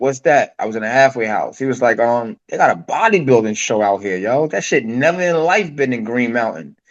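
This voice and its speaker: A man's voice: medium pitch, dull audio. A man as a podcast guest, telling his story casually with street slang and acting out the dialogue.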